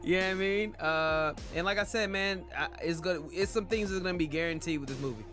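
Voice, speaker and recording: Bright-voiced excitable male co-host. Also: high voice, brisk, faint music behind. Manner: animated, laughing, incredulous. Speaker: podcast co-host. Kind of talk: casual chat.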